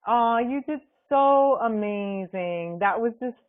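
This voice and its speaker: A woman's voice: on the high side, expressive, slow. A woman leading a team call, gushing and effusive, full of fillers. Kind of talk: conference call chat. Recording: tinny phone-like line.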